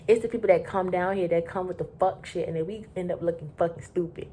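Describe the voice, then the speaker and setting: A woman from Florida spins a loose, profane storytime, rambling and animated as she goes. Her voice sits on the lower side, with a faint rumble humming underneath. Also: quick pace. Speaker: vlogger telling a work story. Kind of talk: casual storytime.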